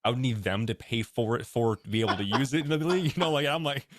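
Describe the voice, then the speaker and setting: A young man, a guest who makes baseball bats, answering interview questions in a relaxed, plainspoken way. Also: mid-range voice, quick pace, dry recording. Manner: relaxed, plainspoken, many fillers. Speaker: guest, bat maker.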